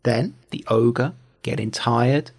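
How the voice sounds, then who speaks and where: An older man reading a bedtime fairy tale aloud in a calm, measured way. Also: medium pitch, creaky, breathy edge. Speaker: storyteller.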